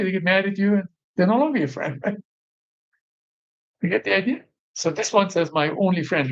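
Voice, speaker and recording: A man leading a devotional group, reading verses aloud and explaining them line by line, often checking in with his listeners. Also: sits high. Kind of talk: scripture reading with commentary. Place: bridal shop meeting space. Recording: dull lo-fi recording.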